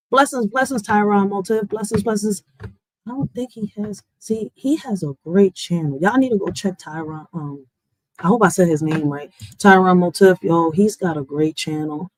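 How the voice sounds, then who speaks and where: A woman hosting a livestream, venting in a blunt, profane, animated way. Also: mid-range voice, normal speed, no echo, poor audio. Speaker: livestream host. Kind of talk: casual livestream rant.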